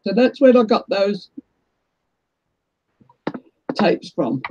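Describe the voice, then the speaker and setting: A woman's voice: medium pitch, animated, takes it slowly, dark tone, lo-fi sound, a little hiss or hum. A middle-aged woman with a New Zealand accent, hosting a casual craft livestream and chatting with viewers as she works. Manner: chatty, greets viewers while working.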